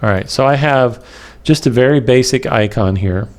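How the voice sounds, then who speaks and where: A man teaching a web development lecture over a screen capture, talking in a slow, halting way with many fillers and pauses while he has the hiccups. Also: medium pitch, a little mellow.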